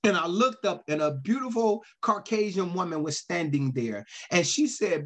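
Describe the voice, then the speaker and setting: A man with a notably high voice delivers a sermon as a pastor. He tells his stories emphatically, circling back on phrases, and his speech stays casual and down-to-earth. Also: lively intonation, normal speed, hardly any pauses, fairly bright tone. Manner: repetitive, emphatic storytelling preaching with casual dialect.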